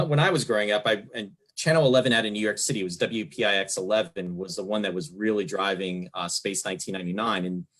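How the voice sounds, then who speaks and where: A New Jersey man in his fifties hosts a casual podcast interview, rambling enthusiastically as a longtime fan and using plenty of fillers. His voice is lowish with a fairly bright tone, and the recording is rough.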